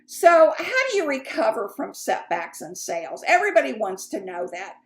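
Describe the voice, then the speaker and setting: A woman's voice: on the high side, sing-song, moderate pace, fairly bright tone. A woman sales coach teaching in a chatty, candid way, with fillers and asides. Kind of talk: casual teaching talk.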